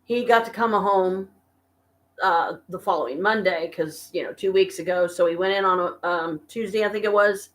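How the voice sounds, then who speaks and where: Weary woman venting at home. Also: mid-range voice. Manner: weary, venting, slow and halting. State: exhausted and stressed. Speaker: vlogger talking to viewers. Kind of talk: casual live-stream chat. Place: home apartment.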